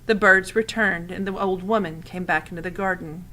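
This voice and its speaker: A woman's voice: fairly low pitch, fairly even intonation, normal speed, bright, forceful tone. A woman reading a children's novel aloud expressively, adding asides to the listener. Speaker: audiobook reader.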